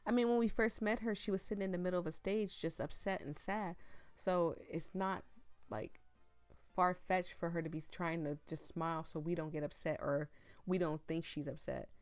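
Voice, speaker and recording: A woman hosting a gaming video who reads a story game aloud and reacts live, with an emphatic, slangy manner that gets loudly worked up. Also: on the low side, steady tone, moderate pace, no echo, faint music behind.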